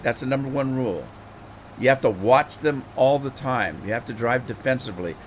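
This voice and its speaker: Talking a little fast at medium pitch, with slight background noise, a middle-aged gaming livestream host chats casually as he plays. He tends to ramble, repeating words while thinking.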